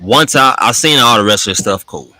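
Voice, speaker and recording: Male co-host, casual chat, bright edgy tone, lowish voice, opinionated and emphatic. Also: brisk, low-quality recording. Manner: animated, opinionated, with emphatic rises.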